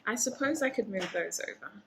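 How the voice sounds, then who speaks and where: A woman's voice: mid-range voice, animated, a little fast, fairly bright tone, slight background noise. A woman giving a casual tarot reading to the camera, chatty and thinking aloud as she lays out cards, with frequent laughs. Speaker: tarot reader.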